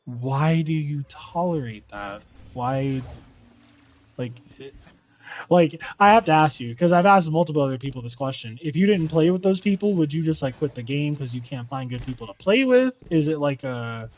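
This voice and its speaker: A man's voice: fairly high pitch, lively intonation, normal speed, darkish tone, poor audio. A man in casual chat about gaming, heated and swearing, jumping between tangents. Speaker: gamer.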